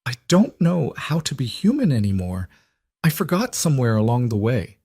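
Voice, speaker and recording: A man's voice: medium pitch, huge pitch swings, normal speed, darkish tone, husky, no room sound, studio quality, voice pushed up, heavily acted. A man voicing a weary, exhausted woman executive with a strained, pleading manner. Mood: tearful.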